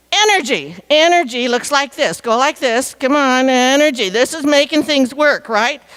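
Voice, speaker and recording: A playful woman speaks to a live audience in a meeting hall. Her voice sits high and sounds smooth and clear. She coaxes the crowd to join in. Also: fairly bright tone. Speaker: featured speaker. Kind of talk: interactive audience talk.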